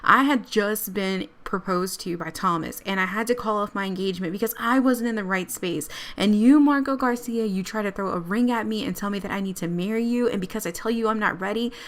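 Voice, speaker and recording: Narrated game figure: a woman doing an exasperated single mom standing her ground, mid-range pitch. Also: brisk, few pauses, natural voice. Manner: firm, exasperated, pleading to be left alone.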